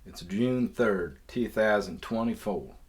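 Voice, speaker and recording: A man's voice: on the low side, slow pace. A man who hosts a podcast, faking a Southern US accent as he rambles through a casual, self-mocking story. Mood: drawling. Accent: put-on Southern US. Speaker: podcast host.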